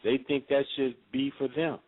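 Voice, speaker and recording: A man giving a radio interview in a measured, preacherly way, with frequent fillers. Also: medium pitch, steady tone. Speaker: interview guest. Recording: phone-line audio.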